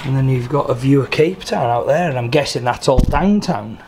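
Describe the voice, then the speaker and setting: A man hosting a travel vlog, chatting in an upbeat, animated way with locals and to the camera. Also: medium pitch, a little fast, noisy background. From United Kingdom. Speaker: travel vlogger host.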